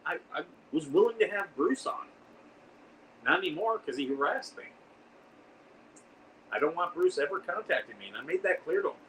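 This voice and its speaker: A man's voice: a little high, animated, moderate pace, pauses often, a bit bright, recorded from a distance, rough recording. Livestream host, male, rambling chatty delivery, set back from the mic with faint noise behind him. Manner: rambling, reads and answers viewer comments. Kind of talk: casual livestream chat.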